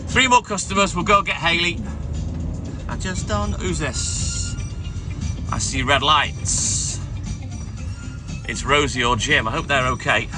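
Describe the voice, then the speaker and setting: A man's voice: on the high side, takes it slowly, long pauses, music in the background. Chatty middle-aged milkman live-streaming. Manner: chatty, greets viewers and answers comments between stops. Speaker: self-employed milkman livestreaming. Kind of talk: casual live-stream chat while working. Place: on a night milk delivery round.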